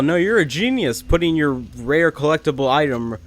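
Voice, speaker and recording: A man's voice: on the high side, lively intonation, normal speed, hardly any pauses, faint music behind. A young adult man hosting a let's play, rambling and making sarcastic jokes at the game characters. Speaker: gaming channel host.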